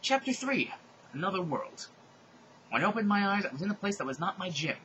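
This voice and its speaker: A man's voice: sits high, sing-song, a little fast, sharp tone, muffled recording, a little hiss or hum. A man hosting a comedic reading of fan fiction, with sardonic, exasperated asides.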